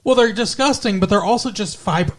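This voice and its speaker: A man co-hosting a podcast, chatting casually and rambling through a show recap, with restarts and quick character voices. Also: high voice. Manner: rambling, self-correcting, puts on character voices. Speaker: podcast co-host.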